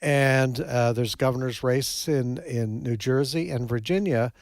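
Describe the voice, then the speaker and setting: A man's voice: medium pitch, unhurried, no echo, clean studio sound. A man, a radio news director, chatting on a talk show and delivering news in a wry, matter-of-fact way. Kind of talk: casual talk radio chat.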